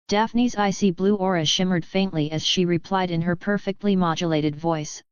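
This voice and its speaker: A woman reading scripted audiobook narration in an even, steady way. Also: fairly low pitch, normal speed, clear, resonant tone, no echo, muffled recording.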